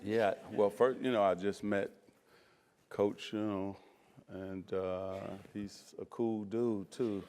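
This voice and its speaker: Chatty low-voiced man on stage. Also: fairly even intonation, slow pace, a little mellow, slight background noise. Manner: chatty, laughs often, many "you know" and "uh" fillers. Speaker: guest speaker. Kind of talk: on-stage interview answers. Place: stage before a live audience.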